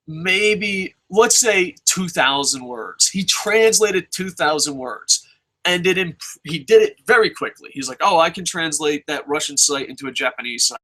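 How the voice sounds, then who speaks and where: Blunt, profane man with a bright voice. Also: a little high, rough recording. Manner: blunt, profane, rambling with restarts. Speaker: vlogger answering viewer questions. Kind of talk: casual advice monologue.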